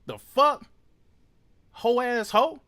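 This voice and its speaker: A man hosting a reaction commentary show, ranting loudly and mockingly with heavy profanity. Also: very high-pitched, drawn-out words. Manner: loud, profane, mocking rants. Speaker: commentary host.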